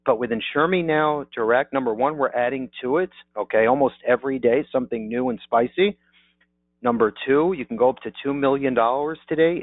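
A man's voice: medium pitch, no room sound. A man giving an upbeat sales presentation on a webinar, checking in with his audience with repeated "okay?" asides. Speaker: insurance marketing presenter. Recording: dry, phone-like narrow audio.

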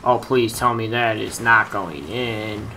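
A man's voice: on the low side, slow, pushed and bright, low-quality recording. Young man, gaming commentary, cursing and grumbling, desk mic, faint background noise. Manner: frustrated, swears a lot, mutters at opponents. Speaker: gaming youtuber. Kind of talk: swearing gameplay commentary.

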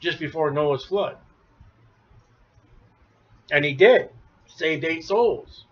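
A man preaching a sermon, emphatic, rising to near shouts then dropping low. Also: takes it slowly. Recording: dull lo-fi recording.

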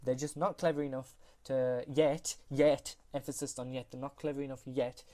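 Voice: mid-range voice, little pitch movement, brisk, darkish tone. Rambling, apologetic tutorial voice. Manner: rambling, apologetic, self-correcting. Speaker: tutorial host. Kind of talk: casual screen-recorded tutorial. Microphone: USB computer microphone.

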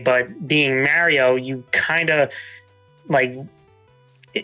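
A man speaking as a panelist in a casual roundtable, rambling and hedging his points. His tone is bright and forceful, at an ordinary pitch for a man. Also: poor audio. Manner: rambling, hedging, lots of fillers.

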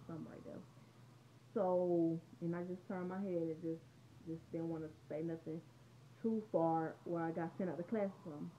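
A woman's voice: on the low side, fairly even intonation, moderate pace, mellow, a little hiss or hum. A teenage girl rambling through a casual storytime vlog at home, chatty and conversational. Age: teens. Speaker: vlogger. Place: room at home. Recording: dull lo-fi home recording.

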